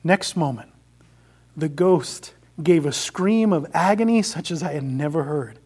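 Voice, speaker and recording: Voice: mid-range voice, animated, unhurried, a little mellow, breathy edge. A preacher giving a sermon, retelling a story and exhorting the congregation. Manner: earnest, exhorting.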